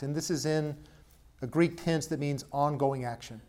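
A man preaching a sermon as pastor, swinging between loud punchy stresses and low, quiet asides. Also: slow, long pauses.

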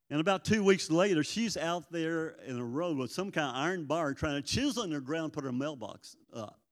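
A man's voice: on the high side, animated, fairly quick, few pauses. An older man from Arkansas, giving a folksy church testimony about prison ministry. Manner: folksy storytelling, acts out voices in quotes. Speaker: prison ministry guest speaker. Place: church sanctuary. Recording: long church reverb.

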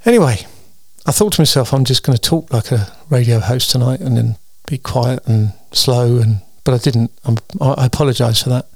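A man's voice: medium pitch, moderate pace, hardly any pauses, no echo, clean studio sound. A tired man hosting his weekly solo show, chatting in a meandering way with frequent ums and restarts. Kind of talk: casual rambling monologue.

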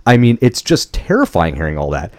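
A man's voice: sits low, wildly swooping pitch, a little fast, darkish tone, no room sound. A young man co-hosting a podcast, chatting casually and swearing as he retells a film scene. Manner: chatty storytelling with laughs and swearing. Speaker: podcast co-host. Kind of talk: casual chat recapping a film.

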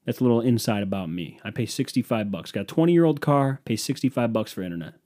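A man's voice: mid-range voice, animated, quick pace, warm tone. Profane, exasperated man ranting. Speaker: podcast host. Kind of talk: casual solo rant.

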